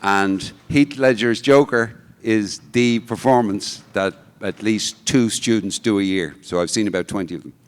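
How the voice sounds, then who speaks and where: A man with a fairly low voice speaks on a discussion panel in a measured, reflective way. His words ring out with long reverb in a large hall. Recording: echoey hall.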